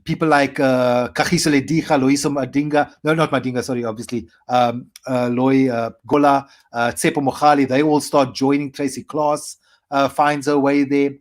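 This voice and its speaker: A South African man in his forties, a comedian guest, telling animated stories with quick asides. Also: medium pitch. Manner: animated anecdotes with quick asides and playful acted quotes. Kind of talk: storytelling interview.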